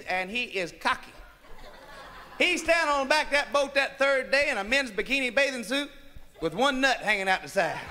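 Male stand-up comic, high voice, profane and rowdy, on a crackly live-club record. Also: pushed and bright. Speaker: stand-up comedian. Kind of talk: crude stand-up comedy. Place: nightclub stage. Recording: live club audience, noisy vinyl.

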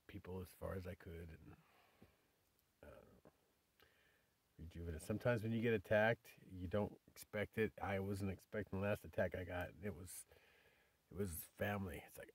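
Male vlogger, low-pitched, dry close sound, loose rambling delivery that slips into whispers. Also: no room sound. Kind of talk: casual rambling vlog. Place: outdoors in the desert.

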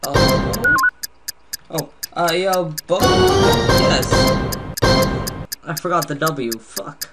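A man's voice: a little high, wildly swooping pitch, very slow, pauses often, over loud music. A tired man casually commenting while playing an online drawing game, muttering guesses and swearing at himself. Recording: noisy home recording with ticking.

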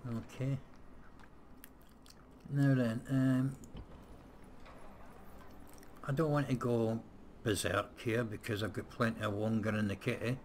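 Playing through a game in a casual let's-play, this man muses aloud with frequent hesitations and now and then a blunt curse. He speaks unhurriedly at medium pitch with fairly even intonation, over slight background noise.

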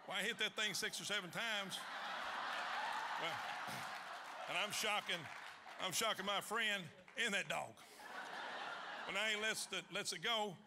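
A man telling a funny hunting story on stage before a large audience, folksy and animated, loud in the quoted lines. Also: high-pitched, noisy background. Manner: folksy, animated, shouting punchlines in quoted voices. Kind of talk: live comic storytelling.

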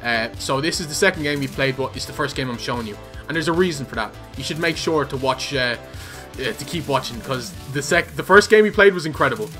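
A young man giving excited football video game commentary, shouting and laughing at goals. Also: medium pitch, fast, faint music behind. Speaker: gaming YouTuber.

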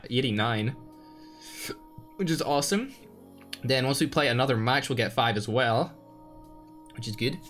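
Excitable young Northern Irish gamer guy. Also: medium pitch. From Northern Ireland. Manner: excitable, slangy, swings between loud outbursts and muttering. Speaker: game streamer. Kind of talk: live gameplay commentary with chat shout-outs.

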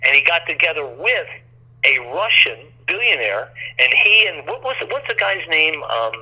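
A man's voice: on the high side, sing-song, normal speed, pushed and bright, slightly rough. A man telling a long, rambling story as an interview guest, acting out quoted voices, over a phone line.

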